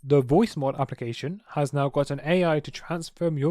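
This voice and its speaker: A man's voice: a little high, moderate pace, dark tone, no echo, studio quality. A man co-hosting a podcast, making wry, emphatic jokes in casual chat. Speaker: podcast co-host.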